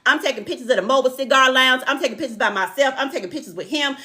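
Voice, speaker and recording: A middle-aged woman hosts a live talk for her online viewers. Her voice sits a little high and rings very bright as she builds her points like a sermon, repeating key lines and greeting people by name. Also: rapid-fire. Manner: warm, preacher-like, repeats lines for emphasis, calls out viewers by name.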